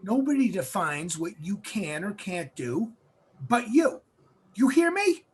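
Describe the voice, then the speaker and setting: A man putting on a fierce, determined mother who talks to her son in firm commands. The voice is pitched high and stays stern throughout. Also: lively intonation, unhurried, a little mellow, husky, full character voice.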